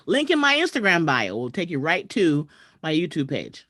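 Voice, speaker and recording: Lively chatty woman hosting a livestream. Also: low-pitched, normal speed, dry recording, studio quality. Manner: chatty, shouting out viewers. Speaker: host. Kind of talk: casual livestream chat. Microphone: computer mic on a video call.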